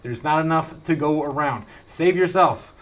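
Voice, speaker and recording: A man's voice: a little high, normal speed, a little hiss or hum. A man hosting a casual live stream from his home studio, reading out viewer messages, rambling with lots of fillers and frequent laughter. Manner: rambling, laughs often, many fillers and restarts.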